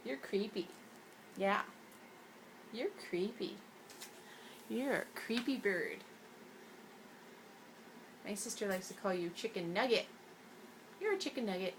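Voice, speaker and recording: A woman's voice: medium pitch, animated, slow, pauses often, slight background noise. A woman talking to her pet parrot at home in coaxing baby talk, recorded on a phone held close. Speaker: pet owner.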